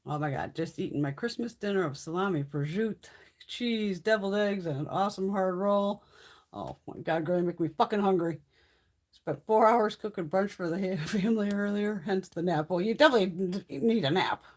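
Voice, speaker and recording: A middle-aged woman hosting a casual beauty livestream, telling stories in a profane, animated way. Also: medium pitch, brisk.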